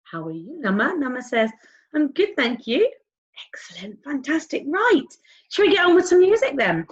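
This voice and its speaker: A woman whose voice sits high teaches young children music online, going at a moderate pace. As a primary school music teacher, she stays animated and playful, sing-song with whoops and whispers to make it fun, recorded in dull lo-fi home video sound.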